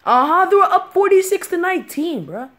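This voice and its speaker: A woman giving casual live reaction commentary on a sports game, excitable and slangy, repeating her exclamations. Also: very high voice, fairly quick.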